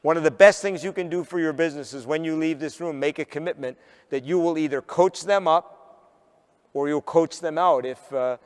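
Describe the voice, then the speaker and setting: A male keynote speaker with a fairly high, smooth, clear voice tells a story from a conference stage. He is from the northern United States and drives his points home with punchy rhetorical questions. The sound carries a long hall reverb. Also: moderate pace.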